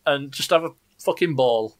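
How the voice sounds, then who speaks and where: A man's voice: medium pitch, moderate pace. A man co-hosting a casual podcast who teases his partner and laughs often. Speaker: podcast co-host.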